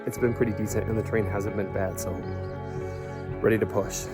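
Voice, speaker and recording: A tired man with a lowish voice talks to a handheld camera out on a wooded trail, wry and chatty as he walks. Music plays clearly behind him. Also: fairly even intonation, moderate pace. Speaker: hiking vlogger. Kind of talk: casual trail vlog. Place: outdoors on a forest trail.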